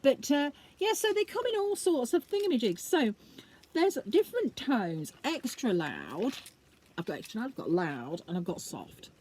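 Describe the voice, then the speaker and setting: A woman rambling chattily to camera, with a husky voice and frequent fillers. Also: a little high, big pitch swings, moderate pace, darkish tone, slight background noise. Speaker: vlogger and collector. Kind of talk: casual chat.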